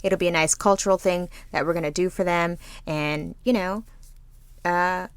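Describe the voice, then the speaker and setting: A woman's voice: on the low side, moderate pace, smooth, no room sound. A woman in her thirties co-hosting a podcast, venting in casual chat with anxious, rambling sarcasm. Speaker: podcast co-host.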